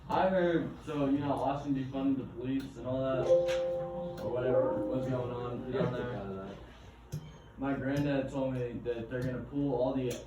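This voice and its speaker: A man's voice: mid-range voice, little pitch movement, moderate pace, dull audio, over loud music. A young man, a student, chatting casually and hedging his claims in class. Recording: very echoey room, distant mic, background noise.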